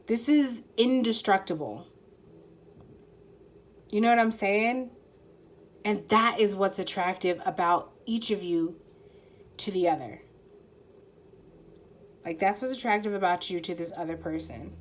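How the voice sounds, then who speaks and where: A woman's voice: mid-range voice, unhurried, long pauses. A woman giving a casual, earnest tarot reading to her viewers. She swears freely, uses many fillers, and fights back tears. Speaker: tarot reader.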